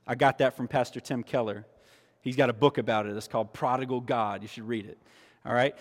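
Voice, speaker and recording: A man preaching a sermon as pastor, animated and emphatic, often restarting his phrases. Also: mid-range voice, brisk. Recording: long reverb of a large hall.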